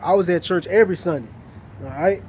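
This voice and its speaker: A man's voice: high voice, a little mellow, a little hiss or hum. Man reading scripture aloud outdoors. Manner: reads verses slowly, then explains in casual talk. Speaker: street preacher reading scripture.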